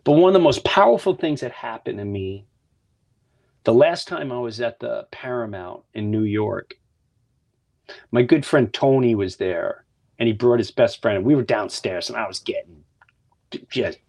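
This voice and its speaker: A man's voice: medium pitch, moderate pace, creaky, pauses often, a little mellow. Man, podcast host, casual monologue, earnest, heartfelt, repeats words, sometimes whispers.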